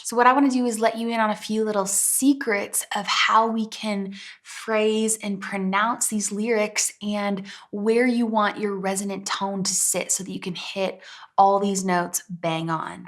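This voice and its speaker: A young woman giving a singing lesson in a clear, encouraging way. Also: medium pitch, a bit bright. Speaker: vocal coach. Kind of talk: singing lesson with sung demonstrations.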